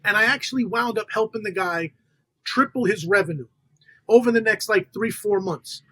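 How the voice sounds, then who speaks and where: High-voiced New man telling deals. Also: normal speed, no room sound, poor audio. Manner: animated storyteller quoting others in dialogue. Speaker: podcast guest, funder. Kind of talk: casual storytelling interview.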